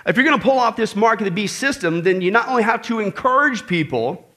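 This preacher addresses his congregation casually and with energy, cracking jokes and often pausing to ask "okay?" He has a high voice and talks fast.

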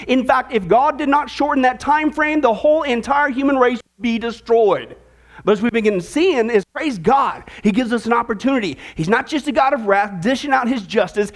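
High-voiced jovial male preacher. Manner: jovial, animated, repetitive fillers. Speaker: pastor. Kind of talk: sermon with joke telling.

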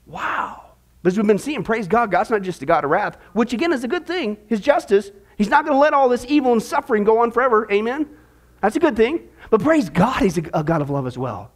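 High-voiced joking pastor. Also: male voice, fast. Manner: joking, chatty, lively. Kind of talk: sermon.

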